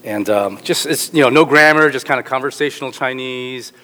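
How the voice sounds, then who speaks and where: A man's voice: mid-range voice, brisk, sharp tone. A middle-aged man preaching a sermon as a pastor, joking and rambling with restarts. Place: church hall. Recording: echoey hall with long reverb.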